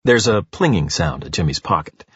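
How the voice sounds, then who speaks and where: A man narrating an audiobook in an expressive, animated storytelling manner. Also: low voice, moderate pace, breathy edge, dry recording, highs cut off.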